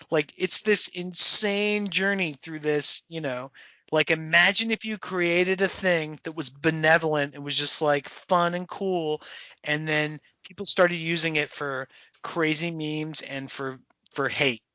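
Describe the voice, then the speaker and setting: A man co-hosting a podcast in casual chat, animated and profane, acting out voices as he tells a story. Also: a little high, unhurried, dry recording, rough recording. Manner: animated, swearing, acts out people's voices. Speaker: podcast co-host.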